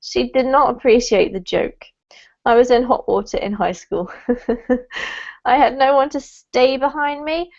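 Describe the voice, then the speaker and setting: Patient woman teacher on a lo-fi call. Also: high-pitched. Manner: patient, explains corrections slowly, reads student text aloud. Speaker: English teacher. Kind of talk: online English lesson correcting a student's writing.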